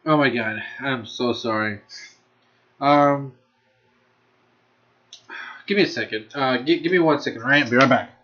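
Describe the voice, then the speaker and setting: A man's voice: medium pitch, moderate pace, long pauses, sharp tone, lo-fi sound. A man ranking anime in a casual video, rambling and restarting his sentences, laughing often and cursing freely. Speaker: anime reviewer.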